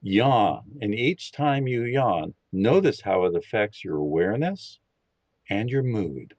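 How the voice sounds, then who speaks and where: A man on a podcast who guides listeners through a meditation, speaking in a calm, slow and instructive way. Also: on the low side, no room sound. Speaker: podcast guest leading a meditation. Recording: dull lo-fi, dry sound.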